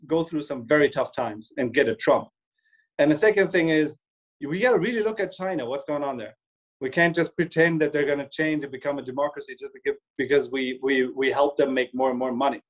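A man's voice: medium pitch, brisk, poor audio. A man co-hosting a casual discussion, thinking aloud with many restarts and acting out imagined quotes. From Germany. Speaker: co-host.

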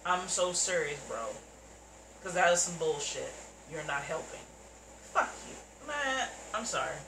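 A woman reacting to a TV episode, loud, profane and heated as she comments. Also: lowish voice, very animated, a little slow, gravelly, reverberant, noisy background. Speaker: reaction video host.

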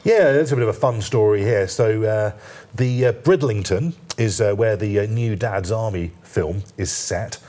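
In a studio discussion on a TV newspaper review, a male journalist guest speaks at normal speed in a warm, fairly low voice. He's hesitant, restarting often and leaning on fillers, though his tone stays lightly joking.

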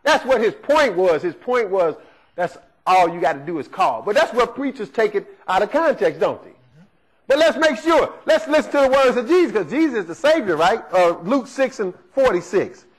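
A man delivers a sermon in an unusually high voice. He talks emphatically, driving each point home and pausing to ask his listeners questions they are meant to answer. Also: big pitch swings, husky, low-quality recording. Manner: emphatic, asks the congregation rhetorical questions. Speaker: preacher.

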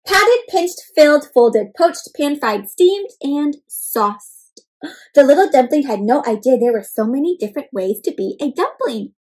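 Animated high-voiced woman reading to kids. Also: a little slow. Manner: animated, asks the young listeners questions. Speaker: children's storyteller. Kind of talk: interactive read-aloud for kids.

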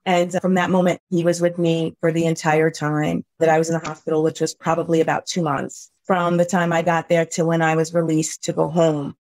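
A woman's voice: sits low, level tone, brisk, few pauses, a little mellow, no echo. A middle-aged woman telling a personal story as a podcast guest, earnest and emotional.

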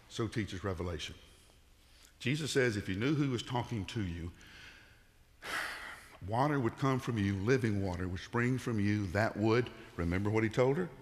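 A male pastor delivers a conversational sermon, swinging from loud, emphatic bursts down to low, quiet tones. The recording has a long reverb tail.

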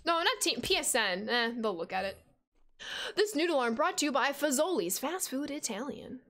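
A young woman in her twenties streaming a baseball video game, chatting with viewers and reacting with sudden excited squeals. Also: sits high, moderate pace. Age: 20s. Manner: chatty, reads out and answers chat while playing. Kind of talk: casual game stream chat.

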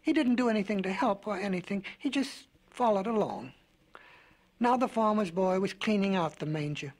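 A man narrating a storybook record in a gentle, whimsical, folksy way. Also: high voice, lively intonation, moderate pace.

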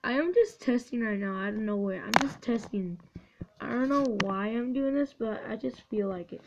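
A woman giving excitable, swearing let's-play commentary, cheering on her units. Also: a little high, moderate pace. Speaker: gamer. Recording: dull lo-fi recording with faint hiss.

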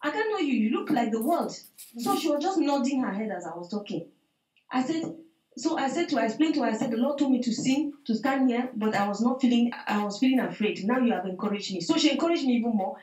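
Woman testifier, fairly high, roomy call audio, tells it vividly. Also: fast talker. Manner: animated storytelling, acts out dialogue, repeats "I said". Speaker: church member giving testimony. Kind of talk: spoken testimony to a prayer meeting. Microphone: video call.

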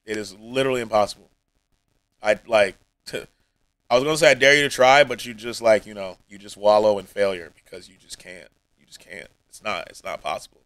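A man's voice: fairly low pitch, brisk, fairly bright tone, no room sound, low-quality recording. A male streamer talking to his chat in a rambling, heartfelt way, emotional and close to tears, often dropping almost to a mumble. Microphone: streaming mic.

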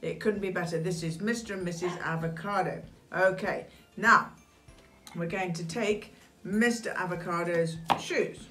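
An Englishwoman in her sixties with a British accent leads a children's craft story time, calling out to the kids in an animated, sing-song way. Her voice sits a little low for a woman, and soft music plays behind her. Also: a little slow. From England. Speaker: children's show host.

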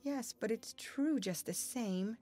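A woman voicing a shy, tender young woman, speaking softly and hesitantly in an audiobook. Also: fairly high pitch, slow, voice pushed up.

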